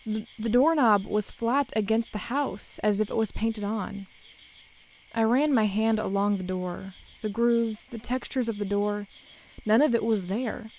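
Woman narrator, mid-pitched voice, steady and measured, for a first-person horror tale. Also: a little hiss or hum, low-quality recording.

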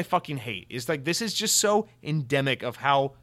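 A man's voice: medium pitch, sing-song, moderate pace, fairly bright tone. A man hosting a solo podcast, reading listener comments and ranting in a sarcastic, mock-serious way. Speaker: podcast host.

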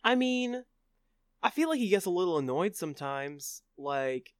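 A man co-hosting a casual podcast, argumentative and quick to contradict. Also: high voice, big pitch swings, no echo. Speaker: podcast co-host. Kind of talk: casual chat.

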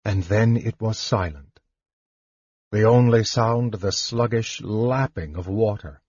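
A man narrates a fantasy novel in a slow, measured and dramatic reading. His voice is husky and mid-pitched. The recording is dry and a little dull, like a home audiobook. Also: darkish tone, no echo.

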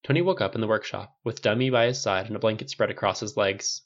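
A man reading a fan fiction audiobook aloud as narrator, in a measured storytelling delivery. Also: fairly low pitch. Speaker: audiobook reader. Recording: slightly dull lo-fi recording.

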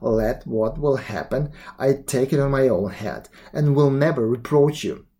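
A man's voice: medium pitch, a little slow, warm tone, lightly acted. A man voicing a greedy beggar-to-be in a storybook, speaking in a raised, emphatic, pleading tone. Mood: insistent. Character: greedy, desperate man pleading, later remorseful.

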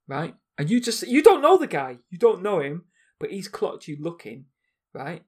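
A man's voice: high voice, sing-song, a little mellow, breathy edge. A man in a casual chat, teasing his co-host and telling stories with frequent laughs. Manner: teasing, storytelling, quick to laugh.

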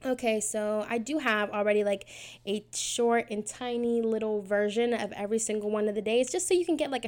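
A woman's voice: medium pitch, a little mellow. A woman in her twenties hosting her own podcast, talking in a rambling, self-mocking way with lots of fillers. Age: 20s. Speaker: podcast host. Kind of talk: casual prayer podcast chat.

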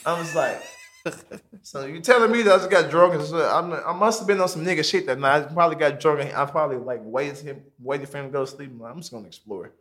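A young man spins a rambling, profane story for his friends. His voice is bright and a touch high. He lurches between low mumbled asides and shrill quoted outbursts. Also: fast talker, few pauses. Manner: animated, jumps into high squeaky voices when quoting himself; swears freely, drops to a mumble on asides. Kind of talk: casual storytelling among friends.

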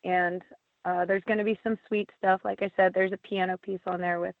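A woman's voice: mid-range voice, little pitch movement, fairly quick, vocal fry, no room sound. A woman who writes a band's lyrics, talking casually in an interview, blunt and swearing freely, with lots of fillers. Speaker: band lyricist and singer. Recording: tinny phone-like line, dry.

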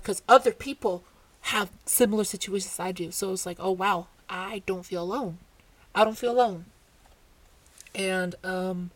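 A woman telling a story to her camera in a casual, animated rant. She swears freely and keeps restarting and breaking into asides. Her voice sits at a middle pitch and sounds dry and close, with no room echo.

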